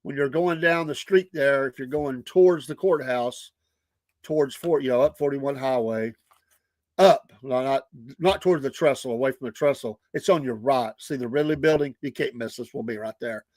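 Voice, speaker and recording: A man's voice: medium pitch, normal speed, a little mellow, no echo. A middle-aged man, hosting a casual livestream and telling stories with frequent laughter. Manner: chatty, laughs often. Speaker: host.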